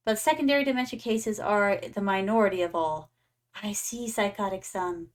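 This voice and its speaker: A woman's voice: mid-range voice, moderate pace. A young adult woman streaming a game, chatting playfully and calling her viewers "my darlings". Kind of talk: casual gaming stream chat.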